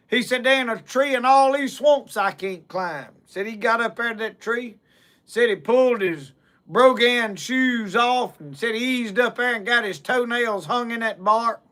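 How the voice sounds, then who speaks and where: A man's voice: sits high, bright, forceful tone. A man with a Southern US accent telling a folksy comic tall tale in a drawl, starting almost every clause with "said". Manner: drawling, repeats "said" constantly. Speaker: storyteller.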